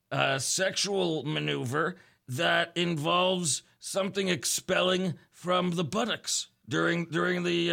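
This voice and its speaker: A man's voice: on the high side, vocal fry, sharp tone. A man hosting a late-night comedy call-in radio show, dry and teasing with his callers. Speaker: radio host.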